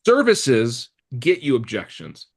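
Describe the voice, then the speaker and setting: A man leads a real estate training session in front of a live group. He speaks in a lively, blunt way, acts out the voices of customers and staff, and slips crude jokes in between. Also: medium pitch, slow. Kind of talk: live training talk to a room.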